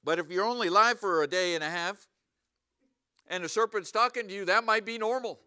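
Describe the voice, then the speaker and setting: A man's voice: high voice, a little fast, clear, resonant tone. A man preaching a sermon to his congregation in church, asking them questions often. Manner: animated, asks the congregation questions. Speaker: pastor. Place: church sanctuary.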